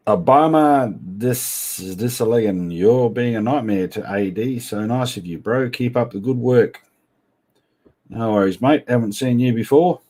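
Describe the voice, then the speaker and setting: A man's voice: medium pitch, a little slow, mellow. A man hosting a casual livestream, reading viewer comments aloud and answering them with blunt, teasing banter full of slang. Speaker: livestream host.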